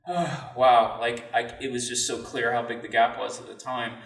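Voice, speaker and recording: A man as a podcast guest, telling a personal story in an earnest, reflective and halting way. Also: mid-range voice, flat delivery, creaky, fairly bright tone. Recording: roomy sound, mic at a distance.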